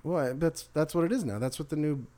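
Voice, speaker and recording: A man's voice: a little high, brisk, mellow. A man in a laid-back casual podcast chat, easygoing and agreeable, often chiming in with yeahs. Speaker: podcast guest.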